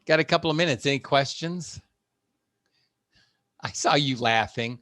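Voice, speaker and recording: A man's voice: medium pitch, normal speed, fairly bright tone, no room sound, studio quality. Chatty older man teaching online. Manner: chatty and encouraging, with many fillers. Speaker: fitness instructor. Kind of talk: online class wrap-up talk. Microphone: video call.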